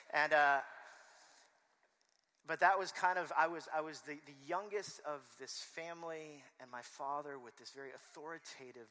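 A man's voice: on the high side, sharp tone, in a large hall. A man preaching a sermon, telling personal stories and acting out the voices he quotes. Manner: storytelling, acts out quoted voices. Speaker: pastor.

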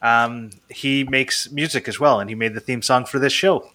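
A man's voice: mid-range voice, steady tone, normal speed, bright, forceful tone. A man hosting a casual podcast, rambling with frequent laughs. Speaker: podcast host.

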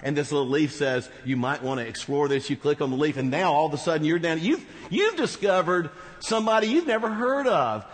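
A man preaching a sermon as pastor, talking conversationally with rhetorical asides to the congregation. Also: on the high side. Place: large church hall. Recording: reverberant church hall.

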